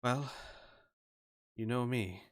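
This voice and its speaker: A man voicing a calm, polite middle-aged healer and father in a tabletop game. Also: medium pitch, drawn-out words, voice pushed up. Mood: calm courteous. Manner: calm, courteous.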